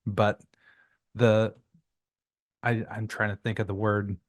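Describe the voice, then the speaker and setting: A man hosting a podcast, chatting in a reflective, halting way and often repeating words as he thinks. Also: fairly low pitch, little pitch movement, dry recording, studio quality. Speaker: podcast host. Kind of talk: casual interview chat.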